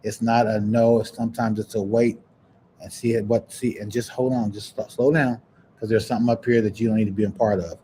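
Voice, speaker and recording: A man hosting a podcast, chatting casually and preaching encouragement in a warm, churchy way. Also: lowish voice, level tone, fairly quick, slight background noise. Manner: warm, churchy, breaks into laughs and sing-song. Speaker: podcast host. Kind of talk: casual livestream chat, preachy sign-off.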